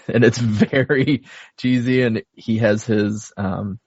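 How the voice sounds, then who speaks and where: A man's voice: mid-range voice, fairly even intonation, slow pace, darkish tone, no echo. A man co-hosting a casual movie podcast, recapping the plot and laughing often. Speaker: podcast co-host. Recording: dull dry home recording.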